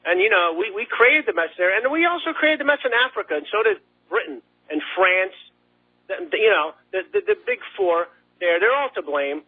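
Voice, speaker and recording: A man's voice: sits high, very animated, brisk. A man calling in to a radio talk show, rambling and stammering with repeated words. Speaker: caller. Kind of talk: phone-in talk. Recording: tinny phone line.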